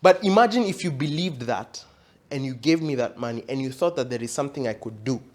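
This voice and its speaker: A man's voice: mid-range voice, lively intonation, fairly quick. A male pastor giving an interactive Bible teaching, reading scripture aloud and quizzing his audience in a conversational way that rises to emphatic.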